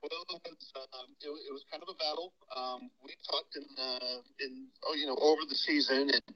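A man calling in as a guest, answering interview questions about organizing a tournament in a halting way. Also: medium pitch, steady tone, bright, forceful tone. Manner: halting, many fillers and restarts. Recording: muffled call-in line.

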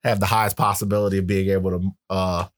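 A man in casual podcast chat, relaxed and joking in a matter-of-fact way. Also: low voice, fast. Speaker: podcast co-host.

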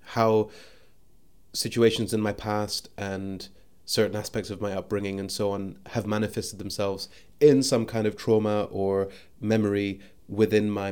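A man hosts a solo podcast, reflecting thoughtfully into the microphone and often restarting sentences as he hunts for words. His lowish voice is a little mellow, clear and resonant.

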